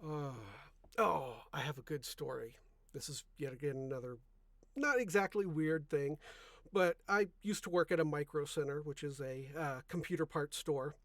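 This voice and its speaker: A soft-spoken young man, voice on the high side, chats at a moderate pace in a dry recording. As a podcast host he wanders from point to point in casual conversation and tends to correct himself in the middle of sentences.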